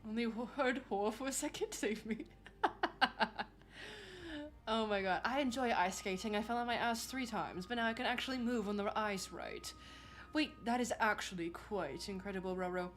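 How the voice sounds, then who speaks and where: A woman's voice: a little high, normal speed, faint music behind. A young woman streaming, chatting casually and reading chat aloud, saying "like" a lot and laughing often.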